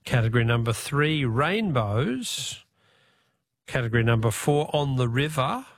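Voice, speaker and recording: A man's voice: medium pitch, big pitch swings, a little slow, dry recording, clean studio sound. An Australian man hosting a radio phone-in quiz, chatty and upbeat with the callers.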